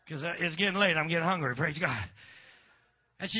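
A man's voice: high-pitched, expressive, a little fast, lo-fi sound. A middle-aged man preaching a sermon in a church, folksy, sprinkling amen and praise God through his talk. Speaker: pastor.

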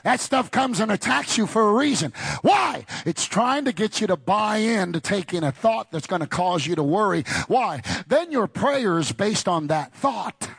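A man preaching with rising fervor, tossing out calls for the congregation to answer and climbing into shouts. His voice sits high and gravelly, with a husky edge. The sound is close and dry, with no room around it. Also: lively intonation, moderate pace, hardly any pauses, no echo. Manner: builds to shouted, fervent climaxes; call-and-response with congregation. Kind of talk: sermon.

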